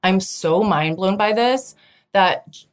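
A woman in her thirties hosts a podcast and tells a personal story in a casual, chatty monologue. Her voice sits at an ordinary pitch for a woman. She keeps the story moving and slips into a higher voice whenever she quotes someone else. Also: slow pace. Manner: chatty, animated, quotes others in raised voices. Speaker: podcast host.

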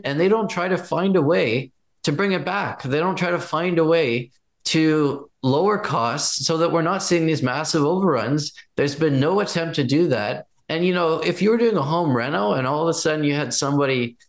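A man giving political commentary in a conversation, forceful and indignant, building his case with examples. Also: fairly high pitch, moderate pace. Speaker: guest commentator.

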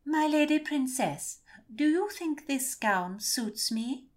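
A woman voicing a vain, bossy young noblewoman who speaks in a high, loud, gushing and imperious way. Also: animated, moderate pace, lightly acted.

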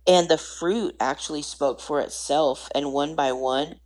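A woman with a very deep, low-pitched voice tells her personal story as a podcast guest. She sounds earnest and animated, and she laughs at herself as she goes. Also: measured pace, poor audio. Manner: earnest, animated, self-deprecating humor.

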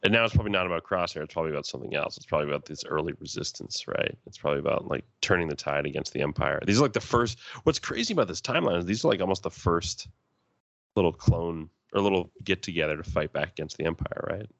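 A man's voice: low voice, lively intonation, fast, creaky, no echo. A man co-hosting a podcast, talking enthusiastically and acting out his own reactions. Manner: enthusiastic, jumps into quoted reactions. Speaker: podcast co-host. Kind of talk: casual fan chat.

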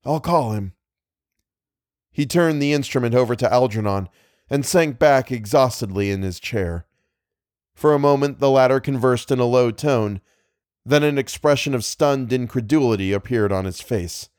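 A man reads classic horror fiction aloud in a measured, dramatic voice at a middling pitch. The recording is dry and close, with no room sound. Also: darkish tone, no room sound. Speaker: narrator. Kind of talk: scripted horror fiction reading.

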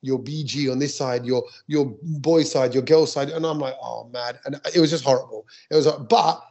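A man, a stand-up comic co-hosting a podcast, telling an anecdote in a lively, animated way. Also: mid-range voice, normal speed. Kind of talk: casual chat storytelling.

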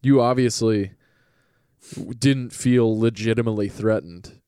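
A man's voice: lowish voice, fairly even intonation, a little slow, dark tone, clear, resonant tone, no echo, studio quality. A man hosting a casual chat, listening sympathetically and throwing in jokes.

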